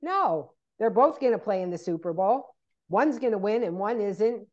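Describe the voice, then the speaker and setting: A woman's voice: mid-range voice, moderate pace, muffled recording. A woman in casual chat, telling stories and acting out what people said to her. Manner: animated storyteller, acts out quoted people.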